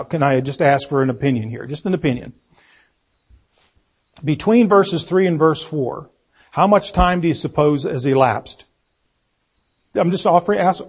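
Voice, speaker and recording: A man's voice: on the high side, a little mellow, breathy edge. A man teaching an interactive Bible study, reading scripture aloud and questioning his listeners about its meaning. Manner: questioning, asks the group for answers.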